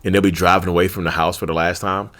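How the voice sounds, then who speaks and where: A man talks about narcissism in a casual YouTube video, speaking straight to a tripod camera from his seat at home with a handheld mic. His voice is low and he talks fast, staying colloquial and animated, repeating himself and adding folksy asides.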